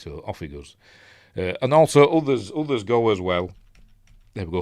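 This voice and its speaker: Yorkshire man, very deep voice, rambling easygoing host, casual film chat. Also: animated, moderate pace, a little mellow, no room sound. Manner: rambling, many ums and restarts.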